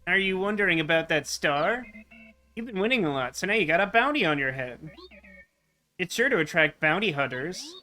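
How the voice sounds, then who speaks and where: A man's voice: sits high, very animated, moderate pace, sharp tone, faint music behind, heavily acted. Man doing a nasal smug robot. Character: smug nasal male robot game-maker.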